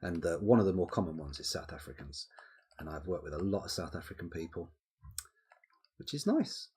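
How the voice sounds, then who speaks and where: A man's voice: deep voice, fast talker, a little mellow, breathy edge. A young man streaming a game live, thinking aloud and muttering menu items with easygoing asides into a desk microphone. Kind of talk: casual live-stream commentary while playing.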